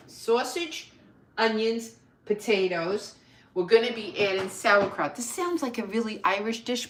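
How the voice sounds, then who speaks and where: A woman's voice: mid-range voice, far from the mic, slight background noise. Chatty woman in her sixties. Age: 60s. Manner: chatty, upbeat, talks to viewers by name. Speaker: host. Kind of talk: live cooking stream chat. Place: home kitchen. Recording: echoey kitchen.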